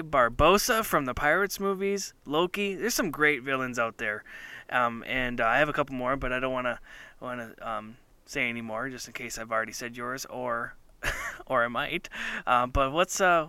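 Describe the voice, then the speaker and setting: A man's voice: mid-range voice, bright, forceful tone, smooth, dry recording. A man co-hosting a casual chat show, talking enthusiastically and rambling with many fillers. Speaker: podcast co-host.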